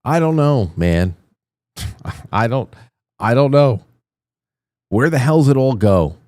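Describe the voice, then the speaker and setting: A man's voice: medium pitch, expressive, takes it slowly, a little mellow, no room sound, studio quality. Indignant, profane male commentary host. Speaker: show host. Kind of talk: opinionated political commentary.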